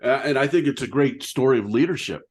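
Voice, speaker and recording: Talking fast with an animated, medium-pitched voice and a breathy edge, a man hosts a podcast interview. He keeps coming back to how much he admires the guest's story, praising it emphatically.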